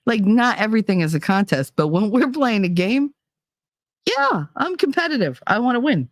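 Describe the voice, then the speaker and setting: A woman's voice: on the high side, sing-song, moderate pace, dry recording, clean studio sound. A woman hosting a casual chat show, telling stories in a blunt, profane way and laughing often. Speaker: podcast host.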